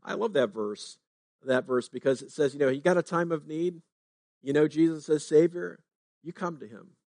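Guy preaching, chatty, keeps asking right?, bit higher voice, dry close sound. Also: moderate pace, a little mellow, no echo. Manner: conversational preaching, frequent "right?" tags. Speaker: pastor. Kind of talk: sermon.

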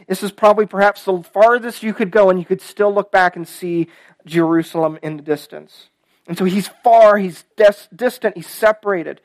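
A man's voice: high voice, moderate pace, no echo. A man preaching a sermon in a casual, conversational way, full of "kind of" and "right?", who reads scripture aloud with rising emphasis.

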